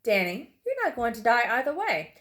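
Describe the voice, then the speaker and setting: A woman's voice: a little high, wildly swooping pitch, moderate pace, a bit bright. A woman voicing a sadistic male captor who taunts and threatens his prisoner in a horror story reading. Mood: menacing. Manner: taunting, menacing, mocking. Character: sadistic mocking male captor, cruel and calm.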